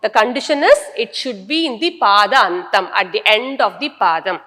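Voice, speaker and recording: A woman's voice: mid-range voice, expressive, normal speed, pushed and bright, big-room sound. A woman teacher, lecturing a class and explaining step by step while she repeats key terms.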